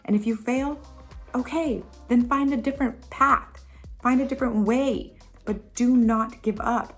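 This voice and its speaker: Speaking a little slowly in a slightly high voice, a woman vlogger offers casual, emphatic motivational advice to camera, repeating her points. She's playful and laughs at her own impressions, with faint music in the background.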